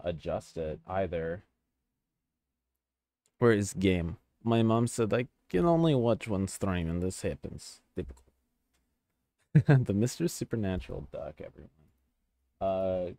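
A man giving casual let's-play commentary as a streamer, excitable, joking and easily sidetracked. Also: low-pitched, no echo. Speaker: gamer streamer.

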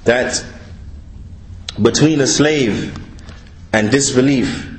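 A man's voice: mid-range voice, slight background noise. Man interpreting a religious lesson, roomy. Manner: deliberate, repeats each point.

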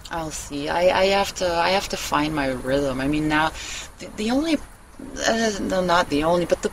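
Chatty vlogger rambling on a phone outside, swears a lot, laughs a lot, mid pitch, bit of faint background noise. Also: creaky, fairly bright tone, low-quality recording. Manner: rambling and candid, swears freely, laughs often. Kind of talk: casual personal vlog chat. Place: outdoors in a meadow, sitting on a wooden bench.

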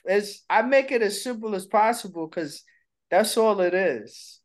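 A middle-aged man's expressive voice sits high as he co-hosts a casual chat at a measured pace. He's playful and open, breaking into little impressions while telling stories.

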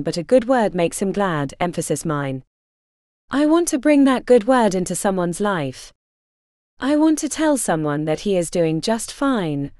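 An earnest, encouraging woman reads a devotional audiobook in a scripted narration style. Her delivery rises and falls with lively, expressive inflection at a mid pitch. The sound is dry and close, with no room echo.

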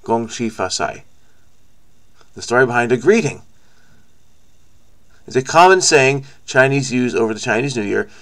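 A man's voice: medium pitch, expressive, normal speed, long pauses. A man hosting a crossword video, thinking aloud in a frenetic, rambling way, with frequent restarts and stammers. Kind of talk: casual think-aloud commentary.

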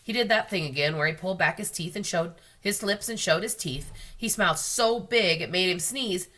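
Husky-voiced woman reading a storybook aloud. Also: lowish voice, moderate pace, pushed and bright. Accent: American. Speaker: school librarian reading to students. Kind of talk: children's book read-aloud.

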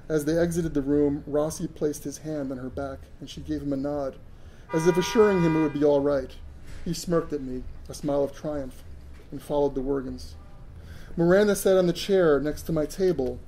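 A man reading a first-person story aloud with earnest narration and a few stumbles along the way. His voice is dark and mellow, pitched a little high for a man. Faint noise sits behind it. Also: moderate pace, poor audio. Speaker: author reading his fiction.

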